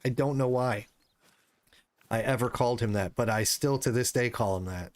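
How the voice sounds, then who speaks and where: Streaming a hunting game, a man in his thirties banters with viewers and lets out curses when frustrated. His mid-range voice moves at normal speed with no echo.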